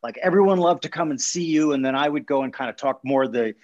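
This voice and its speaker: A man's voice: mid-range voice, fast. A man from Minnesota hosting a podcast, chatting casually and rambling through restarts. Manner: warm, rambling, lots of restarts and fillers. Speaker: podcast host. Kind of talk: casual interview chat. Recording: dull lo-fi sound.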